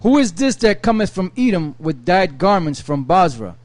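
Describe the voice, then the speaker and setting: A man with a fairly high voice reads verses aloud at a steady, measured pace. The recording is dry and close. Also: no room sound. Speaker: scripture reader. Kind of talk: reading scripture aloud.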